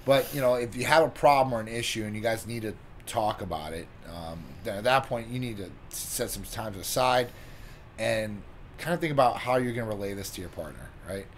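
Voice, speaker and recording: A man co-hosting a talk show, giving relationship advice in a measured, filler-laden way. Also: lowish voice, slight background noise. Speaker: co-host, partner of the other host. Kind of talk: casual advice chat.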